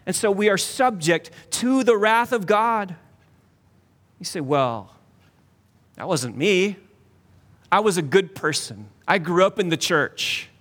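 A man preaching a sermon emphatically, dropping to a near hush to stress key points. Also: sits high, animated, takes it slowly, long pauses, in a large hall. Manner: emphatic, with dramatic drops to a hush.

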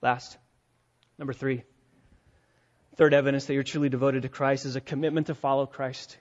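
A male pastor preaching a sermon, emphatic, with rhetorical questions, dropping to a hush and then rising to loud, urgent stretches. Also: mid-range voice, level tone, moderate pace. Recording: dull lo-fi recording.

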